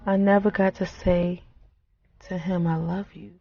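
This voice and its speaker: An actress playing a grieving wife who remembers her late husband, speaking in a reflective, halting, soft-spoken way. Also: fairly low pitch, flat delivery, no room sound, dull audio. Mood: wistful. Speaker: grieving widow. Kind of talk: film monologue.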